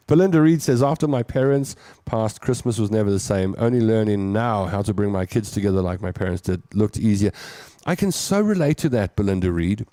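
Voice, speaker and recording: A man's voice: on the low side, animated, brisk, mellow, no room sound, studio quality. Chatty man hosting a show. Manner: chatty, reads comments aloud and riffs on them. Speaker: radio show host reading listener comments. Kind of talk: casual chat.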